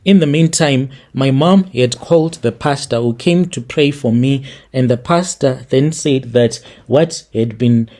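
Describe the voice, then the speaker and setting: A man with a warm, mellow voice tells a first-person story as scripted narration. His reading stays steady and plain, at an ordinary middle pitch. The delivery is measured throughout.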